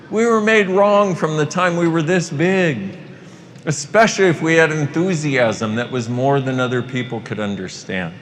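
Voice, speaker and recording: A man giving a live motivational talk to an audience, animated and playful, swearing casually. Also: fairly high pitch, moderate pace. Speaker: workshop facilitator. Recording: long hall reverb, faint noise.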